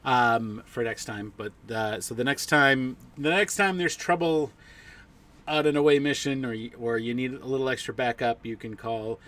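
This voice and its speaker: A man running a tabletop role-playing game, joking with players and then slowly setting the scene with many fillers. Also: medium pitch, a bit bright, far from the mic. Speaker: game master. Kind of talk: casual tabletop game chat and narration.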